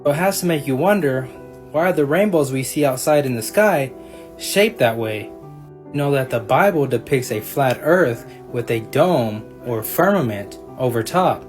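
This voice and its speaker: A man's voice: medium pitch, lively intonation, unhurried. A man giving earnest, explanatory narration that quotes Bible verses. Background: guitar music.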